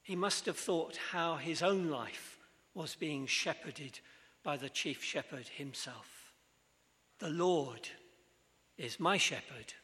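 A man preaching a sermon, earnest and measured, asking the congregation questions. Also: fairly high pitch, sharp tone. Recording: long hall reverb.

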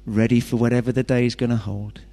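A man's voice: mid-range voice, flat delivery, fast, warm tone. A man preaching a sermon, chatty and full of rhetorical questions and joking asides. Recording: long hall reverb.

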